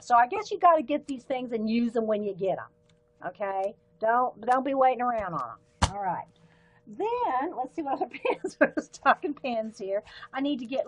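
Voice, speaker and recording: A rambling, chatty woman with a lilt and a fairly high voice, talking to her live-stream viewers from her desk at home. She laughs easily and picks up the camera mic's close, homey sound. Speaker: livestream host.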